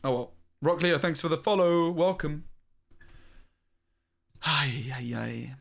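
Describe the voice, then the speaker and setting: A man's voice: on the high side, slow pace, creaky. A man streaming a card game, thinking aloud in a frustrated way and swearing often. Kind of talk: live-streamed gameplay commentary.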